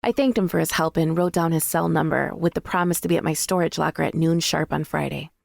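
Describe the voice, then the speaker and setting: A woman narrating a first-person audiobook in a measured, intimate way, recorded in a dry studio booth. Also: deep voice, vocal fry, no echo.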